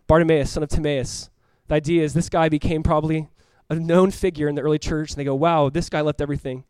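Fast-talking impassioned male pastor. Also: a little high, fairly even intonation, smooth, no room sound. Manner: impassioned, swings between loud urgent calls and hushed quiet passages. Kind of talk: sermon with closing prayer. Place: church room with congregation.

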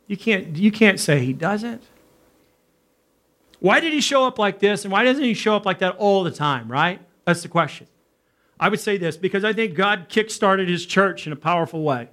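A middle-aged pastor telling a story in a sermon, acting out the people in it with animated delivery. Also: male voice, high-pitched, normal speed. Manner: animated, acts out dialogue in his story.

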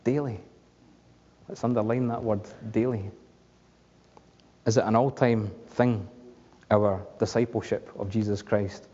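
A man's voice: lowish voice, little pitch movement, normal speed, darkish tone, breathy edge. A man preaching a conversational sermon, asking the congregation questions along the way. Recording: dull lo-fi recording with long hall reverb.

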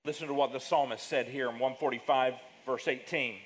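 A male pastor preaching a sermon with emphatic delivery, big swings in pitch and loudness, and drawn-out words. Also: steady tone, poor audio.

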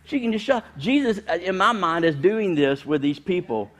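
A man, preaching a sermon in a conversational, humorous storytelling way with sudden loud bursts. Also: high voice, expressive, normal speed. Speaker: pastor.

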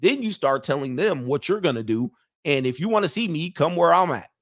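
A man's voice: on the high side, lively intonation, a little fast, fairly bright tone. A man hosting a show, giving a blunt, opinionated monologue to his viewers and acting out the voices of people he quotes.

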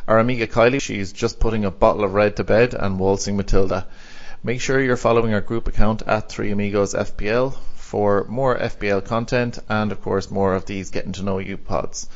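A man's voice: on the low side, steady tone, fairly quick. A man with an Irish accent hosting a podcast in an upbeat, teasing way. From Ireland. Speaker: podcast host. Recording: dull lo-fi call audio.

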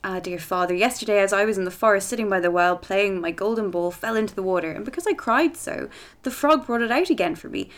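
A woman's voice: mid-range voice, fast, close to an everyday voice. A woman voicing a frightened young princess who speaks in old-fashioned formal phrasing. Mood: anxious.

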